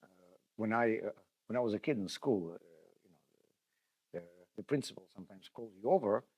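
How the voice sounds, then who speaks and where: This rabbi's voice sits on the low side, a little mellow with a breathy edge, brisk and lively in intonation. Teaching a Torah class, he tells stories conversationally, speaks straight to his listeners and frequently restarts what he's saying.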